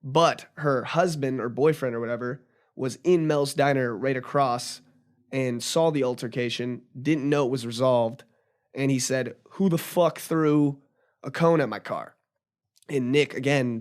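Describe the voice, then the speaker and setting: A young man telling a story casually as a podcast guest, rambling with lots of fillers and restarts. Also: mid-range voice. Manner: rambling, filler-heavy retelling with frequent restarts.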